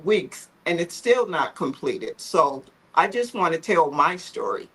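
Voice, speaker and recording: A woman's voice: lowish voice, expressive, a little slow, fairly bright tone, slightly rough, rough recording. A woman, founder of a photo therapy group, telling her personal story on a livestream video call in a heartfelt, emotional, earnest way.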